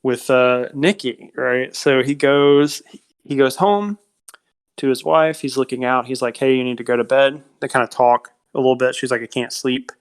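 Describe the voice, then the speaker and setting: A man co-hosts a podcast, casually retelling a film's plot in a rambling way full of fillers and quoted dialogue. His mid-range voice is steady, clear, and resonant, and he speaks at a moderate pace.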